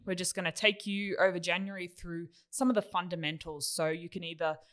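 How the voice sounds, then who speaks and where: A woman's voice: fairly low pitch, steady tone, brisk, fairly bright tone. A woman, co-hosting a finance podcast with a teasing, cheerful manner and frequent laughs. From Australia. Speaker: podcast co-host. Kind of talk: casual chat.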